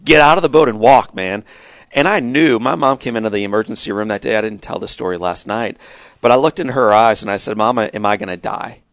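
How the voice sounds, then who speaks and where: Middle-aged male guest, low gravelly voice, earnest storyteller, dry close sound. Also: fast, fairly bright tone, no room sound. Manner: earnest, storytelling with emphatic rises. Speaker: guest speaker. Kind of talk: telling a personal story in a podcast interview.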